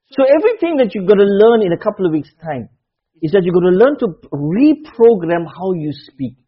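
A man's voice: high-pitched, big pitch swings, brisk, slightly rough, lo-fi sound. A man preaching a sermon, emphatic, repeating key phrases and dropping to near murmurs.

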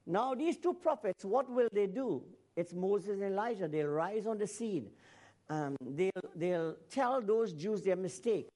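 A man preaching a sermon to a congregation. He swings from shouted emphasis to quiet asides, and he often corrects himself and repeats phrases. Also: sits high.

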